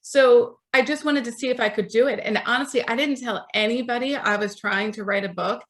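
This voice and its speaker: A woman's voice: on the high side, fairly even intonation, fairly quick, a bit bright. A woman in her forties, an author being interviewed, telling stories in a chatty way and acting out the voices of people she quotes. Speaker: author, podcast guest.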